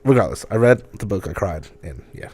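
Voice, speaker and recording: A man's voice: on the low side, lively intonation, brisk, dark tone, husky. A young man co-hosting a podcast, chatting casually, swearing and laughing often. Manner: laid-back, swears freely, laughs often. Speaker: podcast co-host. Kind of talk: casual chat.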